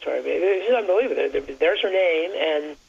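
This talk radio caller has a slightly high, creaky, somewhat rough voice with lively intonation. He rambles casually, halting and restarting his sentences a lot. The highs in the audio are cut off.

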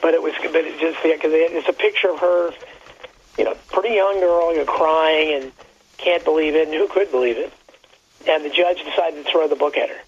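A man calling into a talk radio show, chatting casually in a rambling, halting way with many restarts. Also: a little high, steady tone, a little hiss or hum. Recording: muffled lo-fi phone line.

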